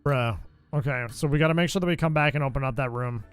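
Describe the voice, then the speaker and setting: A man's voice: medium pitch, fast, clear, resonant tone, faint music behind. A young adult man streaming a game, chatting casually and joking back and forth with his live chat. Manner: playful, bantering with chat. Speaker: gaming streamer.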